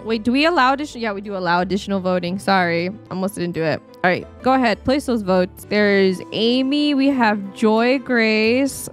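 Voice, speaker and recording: A woman streamer chatting casually with her live audience as she plays a game, with excited gasps and laughs. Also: fairly high pitch. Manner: chatty, reacting to chat polls with gasps and laughs. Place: home streaming setup. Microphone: desktop USB mic.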